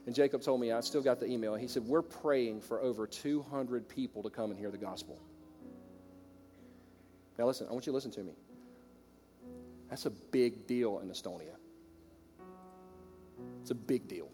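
A man with a Southern American accent preaching a sermon to his congregation, shifting from loud exclamations to quiet storytelling. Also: mid-range voice, normal speed, pauses often, faint music behind. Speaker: pastor. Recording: long reverb of a large hall.

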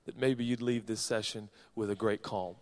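A man from Seattle preaching a sermon as a pastor, reading scripture with folksy joking asides and swinging from soft to loud. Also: fairly low pitch, fairly even intonation, normal speed. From Seattle, Washington, USA. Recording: long reverb of a large hall.

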